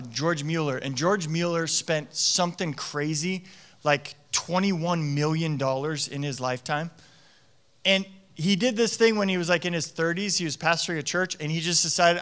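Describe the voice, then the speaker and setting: A man in his thirties with a high, bright, forward voice delivers a sermon like a relaxed chat. He tells stories animatedly and leans on casual "like" and "um" fillers as he goes. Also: moderate pace. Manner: animated storytelling with frequent "like" fillers. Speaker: preacher. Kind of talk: conversational sermon.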